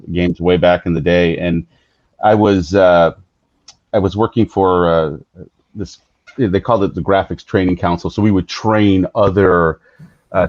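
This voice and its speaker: A man hosting an interview, telling a reflective story in a relaxed way with many fillers. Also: sits low, dry recording. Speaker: podcast host. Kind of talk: casual interview chat. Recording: slightly dull, dry sound.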